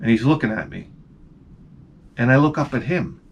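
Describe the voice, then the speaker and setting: A man telling a comedic story in an animated rant, swearing and stammering through restarts. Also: mid-range voice, moderate pace, muffled recording, a little hiss or hum. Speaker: comedic vlogger.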